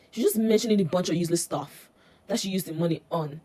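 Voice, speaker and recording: A woman rushes through a rambling, exasperated retelling, stumbling over fillers. Her voice sits fairly low and sounds husky. Its tone is dark and mellow. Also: poor audio. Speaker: drama reviewer. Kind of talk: casual chat.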